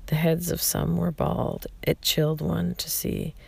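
A narrator reading a memoir aloud in a slow, reflective way, often stumbling and restarting words. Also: mid-range voice, little pitch movement, creaky, darkish tone, slightly rough, no room sound.

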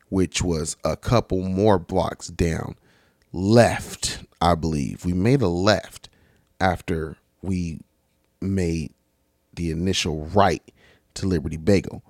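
A young man from California casually telling a story, animated and laughing, heavy on slang and swearing. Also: low voice, no room sound, clean studio sound. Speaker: vlogger.

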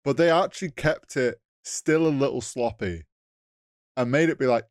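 A man's voice: medium pitch, normal speed, dry recording, studio quality. Rambling man retelling film scenes. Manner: rambling, acts out scenes with quoted lines, laughs often. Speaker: podcast co-host. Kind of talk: casual film review chat.

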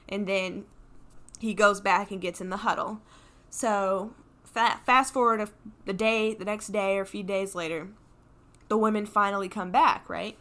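Bright-voiced woman recapping a movie. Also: medium pitch, normal speed. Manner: animated storyteller, lots of "like". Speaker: podcast co-host. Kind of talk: casual stoner movie recap.

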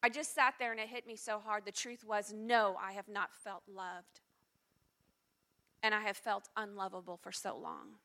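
A woman's voice: mid-range voice, steady tone, normal speed. Earnest middle-aged woman preaching. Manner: earnest, confessional, dropping to hushed tones at times. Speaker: pastor. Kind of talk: sermon.

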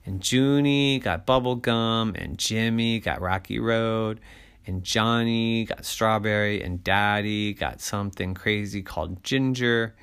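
A man narrating a bedtime story to children in a slow, animated way. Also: fairly low pitch, clear, resonant tone.

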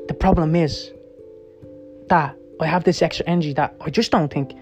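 Middle-aged guy ranting his life story, swears a lot, keeps saying right, kinda high voice. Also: a little mellow. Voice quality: heavy swearing, blunt and emphatic. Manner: rapid, rambling, seeks agreement with "right?" and "yeah?". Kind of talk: personal storytelling monologue. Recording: faint music behind.

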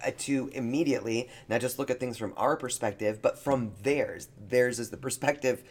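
A man's voice: medium pitch, fairly even intonation, normal speed. A man co-hosting a podcast in casual chat, speaking in an earnest, heartfelt way. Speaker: podcast co-host.

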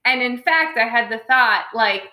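A woman's voice: on the high side, animated, moderate pace, pushed and bright, echoey room. A woman chatting casually about short films, rambling with many fillers and restarts. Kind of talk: casual film review chat.

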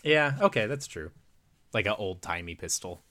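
Podcast co-host, man, lowish voice, dry close mic, chatty recap with lots of "like". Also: animated, sharp tone, no echo. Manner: rambling, filler-heavy retelling with quick voiced quotes. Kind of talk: casual movie recap chat.

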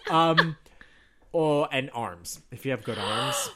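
A young adult man co-hosting a podcast in casual chat, playful, excitable and teasing. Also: mid-range voice, takes it slowly, breathy edge. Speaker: podcast co-host.

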